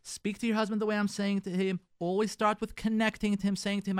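Higher-voiced rabbi giving advice. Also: male voice, steady tone, quick pace, smooth, no room sound. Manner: coaching, acts out sample dialogues in a softer voice; repeats phrases, stammers on word starts. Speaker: rabbi and radio show host. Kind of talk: advice talk to listeners.

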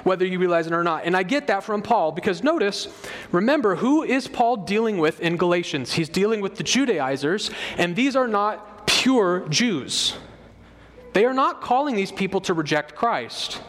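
A man with a high voice preaches an expository sermon and leans hard on repeated phrases for emphasis. His voice rings out in a hall with a long reverb. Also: animated, moderate pace, fairly bright tone. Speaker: pastor.

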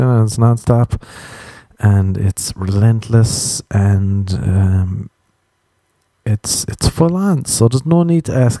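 A man's voice: medium pitch, dark tone, dry recording, studio quality. A man doing a casual comedic rant, sarcastic and full of swearing, mocking people in put-on voices. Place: home during quarantine.

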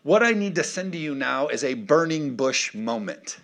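A man's voice: fairly high pitch, sing-song, normal speed, fairly bright tone. A male pastor preaching an emphatic sermon, often calling for the congregation's response.

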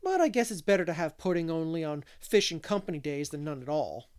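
A man's voice: a little high, sing-song, a little fast, darkish tone, clean tone. A man voicing a chatty, mischievous little boy who rambles and keeps asking questions. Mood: eager.

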